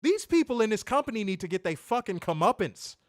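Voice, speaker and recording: Fiery, profane man ranting, high and animated. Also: quick pace, no echo, studio quality. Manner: profane, fiery, repetitive rhetorical questions. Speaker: wrestling podcast co-host. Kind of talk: heated ranting commentary.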